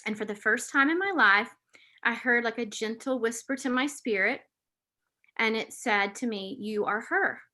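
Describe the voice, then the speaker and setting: A woman's voice: on the high side, normal speed, bright, forceful tone. A woman, an author and podcast host telling her personal story in an earnest, emotional way as an interview guest. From Southern United States.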